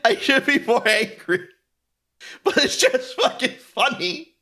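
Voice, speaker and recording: A man's voice: extremely high pitch, big pitch swings, slow, sharp tone. A male streamer ranting in casual commentary while painting miniatures, swearing constantly, laughing often and mocking others in quoted voices. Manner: profane, laughing often, mock-quoting others.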